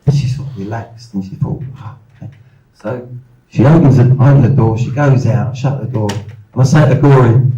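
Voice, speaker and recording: A man in his sixties from England, telling lively anecdotes at a live event and acting out the voices of people in his stories. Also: mid-range voice, normal speed, pauses often, echoey room, lo-fi sound, faint music behind. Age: 60s. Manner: anecdotal, animated, acts out voices. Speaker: guest speaker. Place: event hall.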